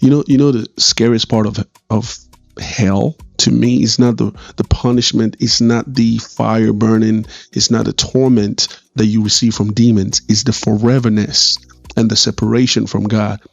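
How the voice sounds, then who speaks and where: A man with a gravelly voice gives earnest commentary on a testimony and presses his points again and again. The sound is dry and a little dull, with faint music behind him. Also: lowish voice, fairly even intonation, moderate pace, no room sound. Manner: earnest, insistent repetition. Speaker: reaction video host. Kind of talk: reaction commentary, preaching tone.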